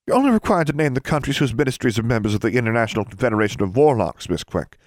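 A prim, weary woman teacher explaining patiently, voiced by a man. Her tone is lifted slightly above his own and measured. The recording is dry and close. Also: medium pitch, lively intonation, dry recording, pitched above the performer's own voice, lightly acted. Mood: lecturing. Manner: patient, lecturing.

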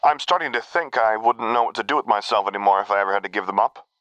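A man voicing a sarcastic female soldier with a dry, deadpan manner. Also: fairly low pitch, fast talker, dry recording, lo-fi sound, natural voice. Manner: dry, deadpan, mock-lamenting. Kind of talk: audiobook character voice.

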